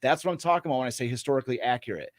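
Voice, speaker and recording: A screenwriter co-hosting a podcast talks very fast in a medium-pitched voice, enthusiastic and full of fillers and restarts, chatting casually and reading a screenplay aloud. The recording is clean studio sound with no echo.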